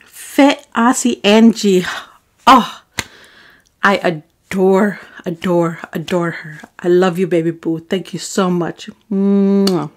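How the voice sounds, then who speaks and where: A woman's voice: lowish voice, slow pace. A woman vlogger thanking her viewers by name, affectionate and apologetic when she stumbles over their names. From Arab. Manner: affectionate, calls viewers baby boo. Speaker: mukbang vlogger. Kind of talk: casual shout-outs to viewers.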